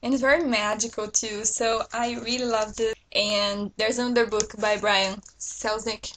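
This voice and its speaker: A woman talks casually to camera about books she bought, calling her viewers "guys" in an eager, chatty way. Her voice sits a little high, and a faint noise runs under it. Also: steady tone, normal speed, a bit bright, low-quality recording. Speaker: book vlogger. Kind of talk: casual book haul chat to camera.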